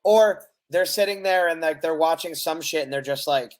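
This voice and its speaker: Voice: medium pitch, moderate pace, few pauses. A podcast co-host in casual chat who rambles, with frequent restarts.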